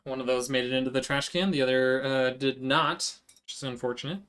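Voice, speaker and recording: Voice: medium pitch, steady tone, fairly quick, fairly bright tone, smooth. A live streamer chatting casually with viewers while working, answering chat as they go.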